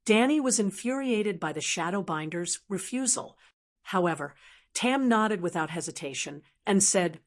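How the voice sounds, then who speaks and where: A woman narrating a fantasy novel audiobook at a middle pitch. Her reading is steady and even throughout. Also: unhurried.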